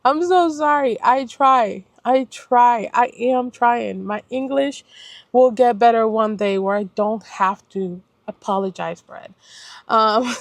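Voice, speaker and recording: Her voice is a little high, gravelly, and steady, and she speaks slowly with no room sound. She's a chatty young Puerto Rican planner vlogger in casual conversation, wandering off track, fixing her words, and saying sorry.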